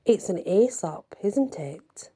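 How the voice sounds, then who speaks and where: A woman's voice: medium pitch, expressive, takes it slowly, warm tone, slightly rough. A woman doing an earnest little boy.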